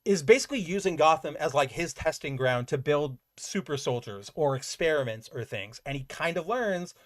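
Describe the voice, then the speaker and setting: Animated man with a raised voice. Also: on the high side. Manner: animated, heavy on "like" fillers, swears freely. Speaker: comic book podcast host. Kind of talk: casual recap chat.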